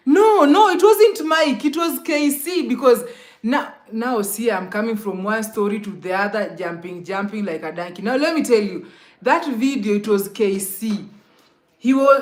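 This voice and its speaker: Chatty Kenyan woman on a slow live stream. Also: fairly high pitch. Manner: chatty, greets commenters by name, laughs often. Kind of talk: casual live-stream chat with viewers.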